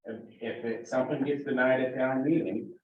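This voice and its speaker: Man talking haltingly in an echoey meeting room. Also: medium pitch, fairly even intonation, slight background noise. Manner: halting, with many fillers and restarts. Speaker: selectboard member. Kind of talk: town meeting discussion. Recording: echoey room, distant mic, dull lo-fi sound.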